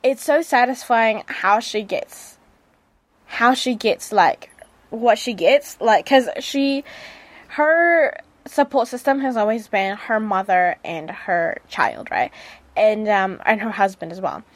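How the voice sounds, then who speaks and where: A woman with a New Zealand accent hosts a radio show and gushes chattily about a drama she's reviewing, full of fillers and restarts. Her mid-range voice is animated and slow, recorded on a studio mic with no room sound.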